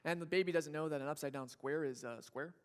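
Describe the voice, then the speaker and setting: A young man with a high voice preaching to his church congregation. He keeps it casual and funny, slipping into quick acted-out voices of struggling people and fussing babies before landing his point. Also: clear, resonant tone. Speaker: pastor. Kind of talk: sermon.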